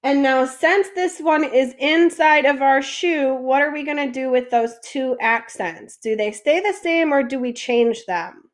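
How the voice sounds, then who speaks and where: A woman's voice: high voice, measured pace, hardly any pauses. A woman teaching a French lesson, patiently asking questions and then answering them herself. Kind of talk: classroom lesson explanation.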